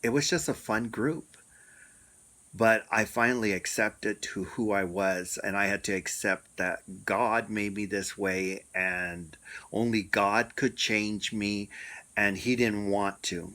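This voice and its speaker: A middle-aged man telling a personal story in a reflective, unhurried way, pausing often. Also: fairly low pitch, fairly even intonation, pushed and bright. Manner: unhurried, reflective, with many pauses and fillers. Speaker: storyteller sharing a personal experience.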